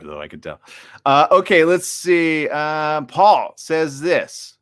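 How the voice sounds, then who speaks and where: Animated, excitable male talk show host. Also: fairly high pitch, takes it slowly, smooth. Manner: reads viewer comments aloud. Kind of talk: live streamed talk show chat.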